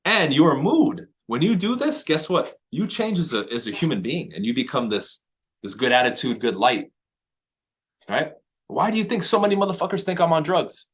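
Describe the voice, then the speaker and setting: A man coaching real estate agents in a high-energy motivational talk, swearing freely and pushing hard on every point. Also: expressive, moderate pace. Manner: profane, high-energy, emphatic.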